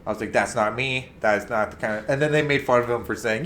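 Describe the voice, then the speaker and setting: A man co-hosting a casual talk show, telling a story with big swings between loud and quiet. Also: mid-range voice, fast, hardly any pauses, a little hiss or hum. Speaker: co-host. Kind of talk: casual chat.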